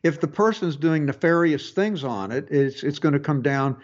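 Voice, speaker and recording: A radio tech show host gives casual call-in advice, speaking haltingly with many restarts and fillers. His voice is somewhat high, and the audio is lo-fi.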